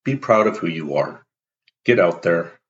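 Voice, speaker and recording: A man's voice: low voice, expressive, unhurried. A man hosting a motivational monologue, talking bluntly and emphatically and acting out everyday exchanges. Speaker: host. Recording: dull lo-fi recording.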